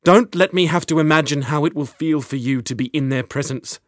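A man reading an audiobook, voicing a protective young husband who speaks forcefully and urgently. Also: on the high side, a little fast, no room sound, studio quality, pitched above the performer's own voice, natural voice.

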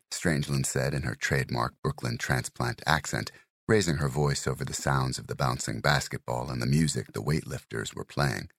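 A man narrating a crime thriller audiobook in a measured, even storytelling manner. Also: extremely low pitch, no echo, clean studio sound.

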